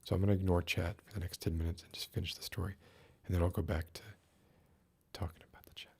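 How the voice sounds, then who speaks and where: A man's voice: sits low, flat delivery, quick pace, darkish tone, slightly rough. A man hosting a live stream, reading a classic story in a formal Mid-Atlantic voice and breaking off to chat casually. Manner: reads in a formal put-on Mid-Atlantic voice, then chats casually. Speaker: streamer and host.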